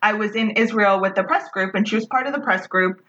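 A woman hosts her podcast with a bubbly, gushing energy, chatting freely rather than reading. Her voice is bright and forceful, sitting in a middling register for a woman. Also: medium pitch, brisk, muffled recording. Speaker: podcast host. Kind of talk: casual podcast intro.

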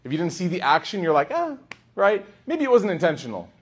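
A man's voice: on the high side, quick pace, breathy edge. A man giving a humorous storytelling sermon as a religious teacher, acting out the people in his story. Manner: animated, humorous, acts out quoted voices.

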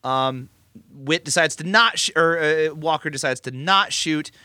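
A man's voice: fairly high pitch, unhurried, pushed and bright, clean tone, no echo, studio quality. A man hosting a podcast, chatting casually and wrapping up the episode with a laugh. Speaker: podcast host. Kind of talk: casual chat.

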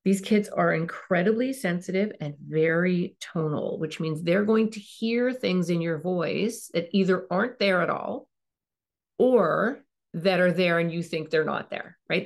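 A woman hosting a parenting podcast, giving earnest coaching advice and acting out what a parent might say. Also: lowish voice. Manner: earnest, coaching tone, acts out parent and child lines; emphatic repetition. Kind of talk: advice monologue.

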